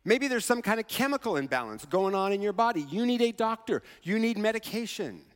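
Pastor, male, high and expressive, chatty sermon delivery peppered with "right?", recorded in a reverberant hall. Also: a little fast. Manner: conversational, keeps asking "right?".

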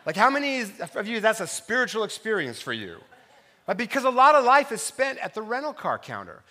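A middle-aged man, a pastor, preaching a sermon full of personal stories, swinging from loud punchlines to soft, quiet reflection. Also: sits high, sing-song, fairly quick. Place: church sanctuary.

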